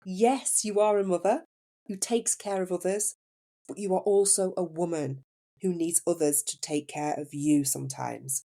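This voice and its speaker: A woman voicing a kind woman nurse who speaks softly and soothingly. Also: on the low side, steady tone. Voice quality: soft, soothing, slow.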